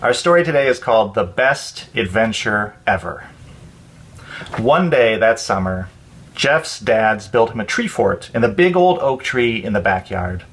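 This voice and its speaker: A man calmly and expressively reading a children's story aloud as storyteller. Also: on the low side, measured pace, slightly rough. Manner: calm, expressive read-aloud.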